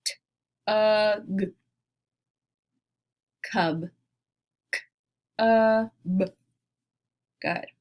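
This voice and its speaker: A woman teaching phonics who speaks very slowly and deliberately. She sounds out each phoneme on its own with a clear pause between them, then blends the sounds into the word. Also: mid-range voice. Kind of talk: phonics lesson, slow and deliberate.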